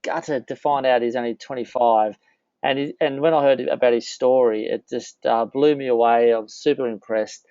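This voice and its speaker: A man's voice: mid-range voice, steady tone, normal speed, warm tone, clear, resonant tone, no echo. An Australian man hosting an interview, enthusiastic and chatty, with lots of fillers and laughs, heard over a call. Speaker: interview host. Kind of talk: casual interview chat. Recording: dry, dull lo-fi call audio.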